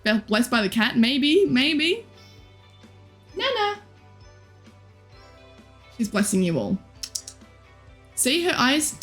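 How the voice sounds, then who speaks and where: A young woman in her twenties, live streaming and chatting casually with viewers in a bubbly, giggly, teasing way. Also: fairly high pitch. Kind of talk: casual chat reading viewer comments.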